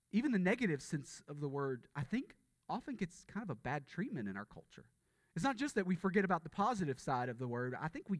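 A male pastor with a somewhat high voice delivers a casual, conversational sermon. He often restarts his phrases and checks in with the congregation through rhetorical questions. The sound is dry and close, with no room echo. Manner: conversational, repeats words, asks rhetorical questions.

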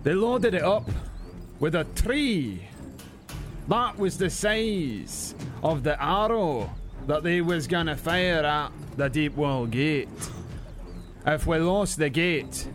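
A man's voice: a little high, animated, slow, soft background music, voice pushed up. A man voicing a boastful old male warrior who tells a swaggering tall tale in a broad, put-on brogue.

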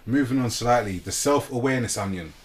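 A man hosting a casual podcast book discussion, talking in a relaxed, reflective way. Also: mid-range voice, a little fast.

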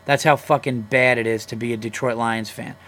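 A man's voice: medium pitch, steady tone, brisk, a bit bright. A man, hosting a casual solo podcast, ranting bluntly and swearing freely about sports fans. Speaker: podcast host.

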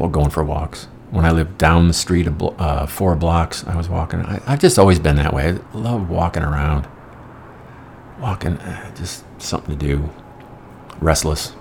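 Brief: middle-aged man, very low gravelly voice, rambling wry storyteller. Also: a little mellow, a little hiss or hum. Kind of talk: casual anecdotal monologue.

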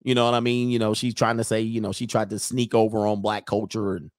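A man's voice: lowish voice, flat delivery, quick pace, dry recording. Mocking slangy man, dry close sound. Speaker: commentator reacting to photos. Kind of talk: casual on-screen commentary.

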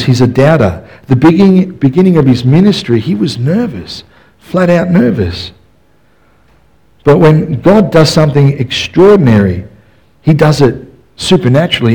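A man's voice: a little high, gravelly, dark tone, breathy edge, low-quality recording. Casual man preaching a sermon. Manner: casual, joking storyteller with many "you know" fillers. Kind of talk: conversational sermon.

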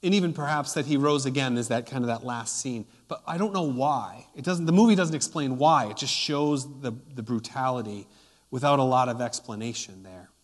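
A man giving a sermon as pastor, earnest and measured, pausing with fillers. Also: mid-range voice. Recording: long hall reverb.

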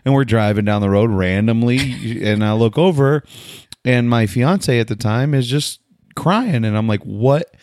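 A man's voice: medium pitch, moderate pace, no room sound, clean studio sound. A man, chatting casually and adding his side to a shared story. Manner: relaxed, adds his side to his partner's story. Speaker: co-host telling their wedding story. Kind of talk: casual chat.

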